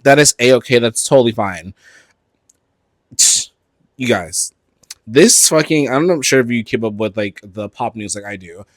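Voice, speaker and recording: A man hosting a podcast, talking casually about pop-culture news from home in front of his closet, animated and gossipy, swearing freely and filling his talk with "like" and "um". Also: mid-range voice, unhurried, pauses often, dry recording, studio quality. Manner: animated, gossipy and profane, with frequent fillers. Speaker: podcast host.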